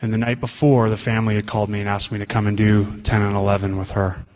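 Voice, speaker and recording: Brief: lowish-voiced male guest speaker, earnest storyteller, muffled meeting-hall recording. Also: level tone, fast, a little mellow. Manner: earnest, conversational storytelling with fillers. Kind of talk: personal recovery talk. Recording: dull lo-fi recording in a reverberant hall.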